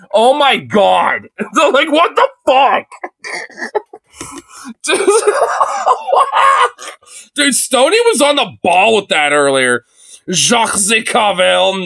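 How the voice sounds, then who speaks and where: Give me a crude, excitable man reacting on stream, with a bright, tense voice that jumps into shouts. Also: high voice, takes it slowly, vocal fry, no echo. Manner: excitable, laughs often, bursts into shouts; crude, swears constantly. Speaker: streamer reacting to political clips. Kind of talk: casual profane commentary.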